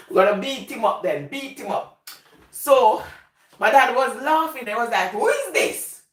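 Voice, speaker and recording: A woman's voice: fairly high pitch, a little slow, a bit bright. A woman with a Jamaican accent telling casual, rambling stories and laughing often. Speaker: vlogger. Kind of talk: casual storytelling. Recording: echoey room, voice from a distance.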